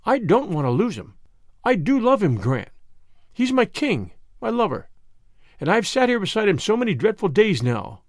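A desperate, tremulous woman, as a male reader puts her on pleads urgently with a former lover in an audiobook. The voice sits high and swings widely in pitch. The recording is close and dry. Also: wildly swooping pitch, a little slow, long pauses, husky, dry recording, exaggerated voice. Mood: distraught. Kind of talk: audiobook reading.

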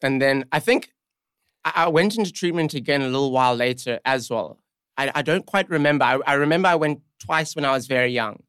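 Smooth-voiced young man. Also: mid-range voice, animated, a little fast, fairly bright tone, no echo, clean studio sound. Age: young adult. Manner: direct, reflective, a bit unsure. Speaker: podcast host. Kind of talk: candid interview conversation.

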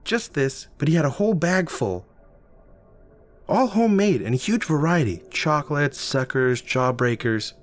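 A man voicing a cheerful, teasing young woman with a high, bright voice. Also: expressive, normal speed, lightly acted. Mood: bubbly.

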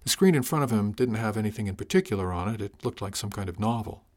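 A man narrating a science-fiction novel in a dry, measured, wry way. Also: fairly low pitch, animated, a little mellow. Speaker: audiobook narrator. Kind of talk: scripted audiobook narration.

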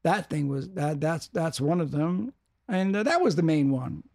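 Halting older man, higher voice. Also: creaky. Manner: halting, repeats words, animated bursts. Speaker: music executive guest. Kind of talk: casual interview talk.

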